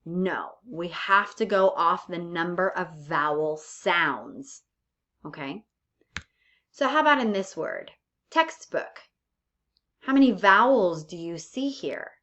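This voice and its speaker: Woman teacher for a recorded lesson: unhurried, patient, drawn-out examples, muffled lo-fi sound. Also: on the low side, fairly bright tone. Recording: dull lo-fi recording.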